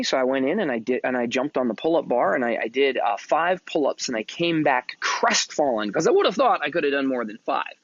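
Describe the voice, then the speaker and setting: A middle-aged man hosting a mentoring podcast, telling a motivational story in a casual, energetic way, swearing freely and repeating himself. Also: a little high, no echo, highs cut off.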